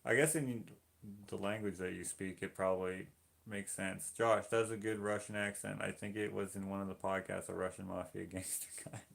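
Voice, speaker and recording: Male streamer, low gravelly voice, playful banter. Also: little pitch movement, normal speed. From Canada. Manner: joking, teasing viewers. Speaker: livestream host painting. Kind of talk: casual livestream chat reading comments.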